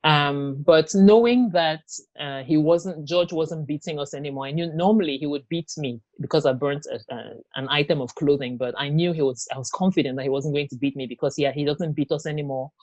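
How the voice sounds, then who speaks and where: A woman telling her own story in an interview, speaking haltingly with many fillers and restarts. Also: low-pitched, a little mellow, dry recording, muffled recording. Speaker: interview guest. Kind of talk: personal testimony in an interview.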